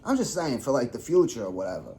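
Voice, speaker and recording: A man's voice: mid-range voice, big pitch swings, fast talker, darkish tone, a little hiss or hum. A young man co-hosting a podcast, rambling in casual chat with heavy swearing and lots of fillers. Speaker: podcast co-host.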